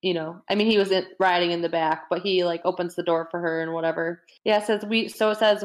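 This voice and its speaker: A woman reading a novel aloud in a relaxed, chatty way, breaking off for casual asides and occasional stumbles. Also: fairly low pitch, fairly quick. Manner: reads with light voicing, chatty asides, stumbles and laughs. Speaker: reader.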